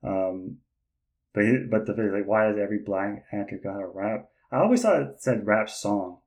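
A man hosting a podcast in casual chat, rambling and hesitant with lots of fillers and restarts, laughing often and getting excited. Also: lowish voice, moderate pace, rough recording. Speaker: podcast host.

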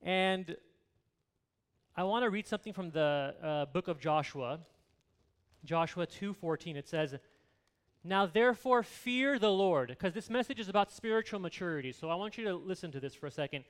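A man's voice: fairly high pitch, animated, brisk. A man in his thirties preaching a sermon in an earnest, conversational way, repeating key words for emphasis. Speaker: pastor.

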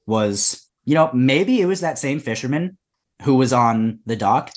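Young man riffing absurd stories deadpan. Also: medium pitch, a little slow. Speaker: podcast co-host. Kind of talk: comedic casual chat.

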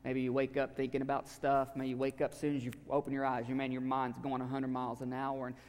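A man preaching a sermon to a congregation, talking conversationally and swinging from loud emphasis to a hushed near-whisper. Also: medium pitch, completely flat delivery, fast talker. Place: church sanctuary with a live audience. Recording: long hall reverb.

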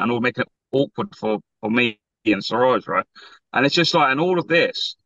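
A man telling a story with plenty of energy, putting on voices for everyone he quotes and swearing as he goes. His voice sounds bright and a little raised, with a dry, dull quality like a call recording. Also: medium pitch, normal speed, dry recording. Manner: animated storyteller, acts out quotes, swears freely. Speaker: podcast co-host telling a story. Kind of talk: casual storytelling chat.

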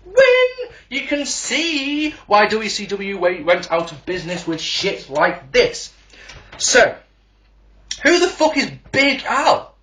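A man's voice: sits high, expressive, takes it slowly, pushed and bright. A man reviewing an old wrestling show in a sarcastic, profane rant.

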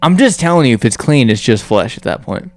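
Rambling mid-pitched man, podcast co-host. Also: very animated, brisk, no room sound. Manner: rambling, hesitant, crude. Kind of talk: casual podcast banter.

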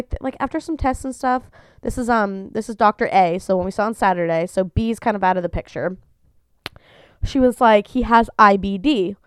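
Animated young woman telling a story. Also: medium pitch, clean tone, dry recording. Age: young adult. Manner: animated, swearing, acts out quoted voices. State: sneezy from allergies. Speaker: podcast host. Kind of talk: casual solo podcast storytelling. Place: at home.

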